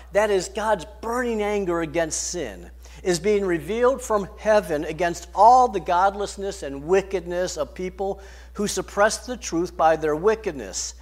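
A man preaching a sermon, emphatic, rising and falling in loudness and pace. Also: sits high. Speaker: pastor.

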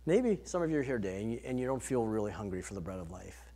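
A man preaching a sermon, earnest, rising to emphatic peaks and then dropping soft. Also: fairly low pitch, sing-song, quick pace, few pauses. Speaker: pastor.

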